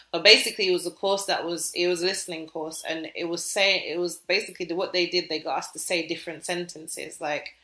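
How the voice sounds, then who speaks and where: A woman with a British accent co-hosting a podcast, telling stories in a chatty, animated way with lots of fillers. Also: on the low side, roomy sound. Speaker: podcast co-host. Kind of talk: casual podcast chat.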